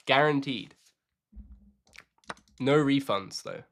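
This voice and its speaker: A man's voice: mid-range voice, lively intonation, moderate pace, long pauses, fairly bright tone. A young man chatting casually with his live-stream audience while playing chess, joking and answering questions.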